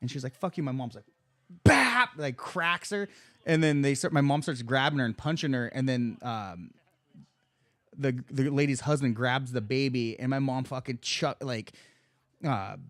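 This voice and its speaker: A man's voice: medium pitch, moderate pace, dry recording. A young man, a fighter, chatting casually on a podcast, telling rambling stories full of swearing. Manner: profane, rambling storyteller. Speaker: fighter guest.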